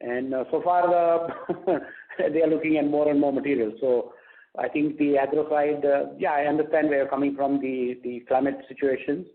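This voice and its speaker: A male company executive with an Indian English accent answering analysts on an earnings call, halting and full of fillers and restarts. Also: on the high side, fairly even intonation. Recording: tinny phone line.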